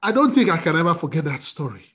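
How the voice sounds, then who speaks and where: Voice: mid-range voice, very animated, fast talker, a bit bright, husky. A preacher giving an emotional, fervent sermon, often restarting phrases.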